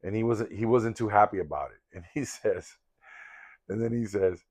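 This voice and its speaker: Older man, somewhat low voice, rambling and candid, reflective personal story vlog. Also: normal speed, darkish tone. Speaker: vlogger in sobriety recovery.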